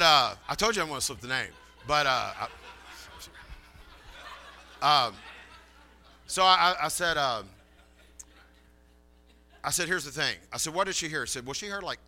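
A man's voice: fairly high pitch, sharp tone. A man preaching a sermon in a folksy, chatty way, telling a story and acting out the dialogue.

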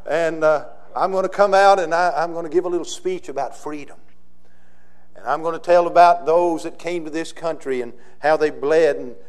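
A Southern US pastor preaches with a notably high-pitched voice. He pushes some lines out loud and forceful, then drops to quiet, drawn-out phrases for emphasis. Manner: emphatic, swings between loud declarations and quiet slowed phrases. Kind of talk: sermon.

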